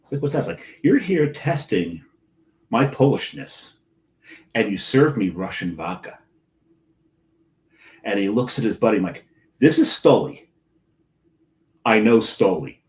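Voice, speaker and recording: A man's voice: lowish voice, expressive, measured pace, pauses often. A middle-aged man co-hosting a casual podcast, telling a story with frequent laughs. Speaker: co-host.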